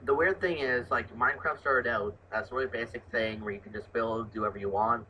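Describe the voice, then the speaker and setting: A man's voice: medium pitch, fairly quick, highs cut off. A young man chatting casually about a video game, rambling and restarting his sentences. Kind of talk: casual gaming chat. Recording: faint background noise.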